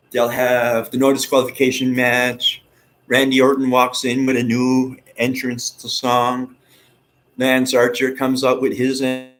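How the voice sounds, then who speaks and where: A man vlogging in a rambling, excitable monologue, with some swearing. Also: medium pitch, poor audio. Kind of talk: casual monologue.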